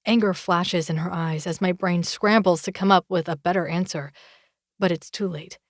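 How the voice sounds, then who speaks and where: A woman narrating a romance audiobook in the first person, with an expressive, measured reading. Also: fairly low pitch, no room sound, studio quality.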